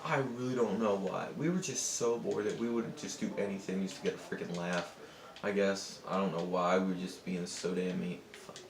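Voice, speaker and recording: Young man, low voice, rambling and profane, casual story over gameplay, echoey room. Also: steady tone, moderate pace, crowd noise. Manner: rambling, profane, self-interrupting. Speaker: gaming channel host. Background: other people in the house.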